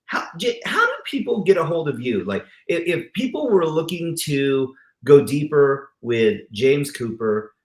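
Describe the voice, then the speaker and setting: A man's voice: fairly high pitch, very animated, a little slow, few pauses, roomy sound. A man from Southern California hosting a podcast interview, talking casually with many false starts and restarts and calling his guest brother. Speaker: podcast host.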